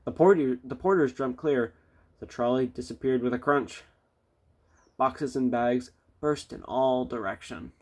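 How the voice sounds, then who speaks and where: A man's voice: mid-range voice, unhurried, a little mellow. A man reading a children's railway storybook aloud with little chatty asides. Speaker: storybook reader.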